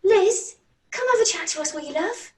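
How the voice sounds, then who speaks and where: A woman's voice: very high voice, expressive, normal speed, a little mellow, pitched above the performer's own voice. A woman voicing a deadly earnest middle-aged ghost-hunting medium, put on with a regional accent and coaxing the spirits. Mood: cooing. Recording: roomy, distant from mic.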